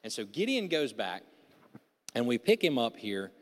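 A man preaching a sermon, telling a Bible story in animated, casual slang and acting out its voices. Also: medium pitch, moderate pace. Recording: long reverb of a large hall.

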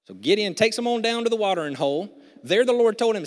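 Animated preacher in an echoing hall. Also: male voice, sits high, quick pace. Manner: animated storytelling, casual slang, acts out voices. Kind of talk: sermon. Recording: long reverb of a large hall.

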